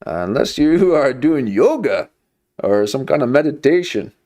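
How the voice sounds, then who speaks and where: A man doing a high-pitched voice of a preachy ranting man who lectures the folks. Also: big pitch swings, a little slow, mellow.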